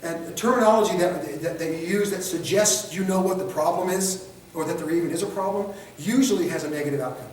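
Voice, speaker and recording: A man's voice: high voice, darkish tone, a little hiss or hum. A man teaching a training class, chatting with the group, firing rhetorical questions at them and acting out short scenarios in quoted voices. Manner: acts out quick street scenarios in quoted voices. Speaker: instructor. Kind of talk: classroom lecture. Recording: echoey room, picked up from a distance.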